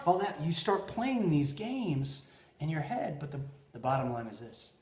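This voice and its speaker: A man hosting a podcast, telling personal stories in an animated way, swinging between loud bursts and quiet asides. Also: on the high side, unhurried. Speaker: podcast host. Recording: roomy echo.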